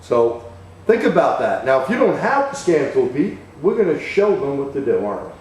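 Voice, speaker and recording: A man co-hosting a technical webcast who is losing his voice and sounds hoarse, chatting and prompting with tag questions. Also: medium pitch, sing-song, moderate pace. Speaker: co-host, technical trainer. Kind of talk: casual technical discussion. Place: auto repair shop. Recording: very echoey shop, distant mic, faint noise.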